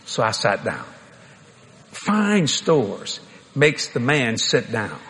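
A man's voice: mid-range voice, slow pace, a little hiss or hum. An older man, telling a folksy, joking story in a sermon. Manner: folksy, animated, joking with the crowd. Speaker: preacher.

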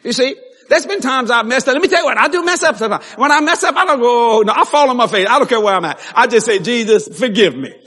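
Preacher man, high husky voice, laughing and hollering, big echoey church hall. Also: fast. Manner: animated, laughing, bursts into shouts. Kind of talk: sermon storytelling. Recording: long hall reverb.

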